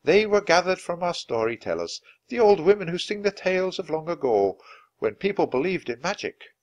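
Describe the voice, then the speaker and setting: An earnest monk, as a man puts him on while reading aloud proudly guides visitors in a raised, lively voice. He sounds warm and welcoming, with a singsong rise and fall in his speech. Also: high voice, moderate pace, pitched above the performer's own voice.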